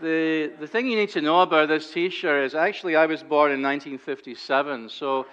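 A man's voice: a little high, a little fast, fairly bright tone, a little hiss or hum. A Scottish man in his sixties giving a talk as a guest speaker at a church, with a dry, self-deprecating humor and frequent hesitant fillers. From Scotland. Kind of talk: humorous lecture at a church gathering. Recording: dull lo-fi recording.

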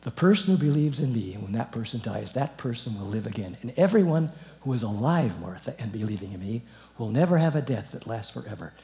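Middle-aged man, Bible teacher, informal, animated, chuckles often. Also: medium pitch, brisk, vocal fry. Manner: animated, chuckling, reads verses then comments.

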